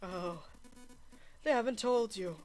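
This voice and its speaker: A woman voicing a smug, cruel older man who speaks with slow, polite menace. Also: medium pitch, a little mellow, faint music behind, lightly acted. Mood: taunting.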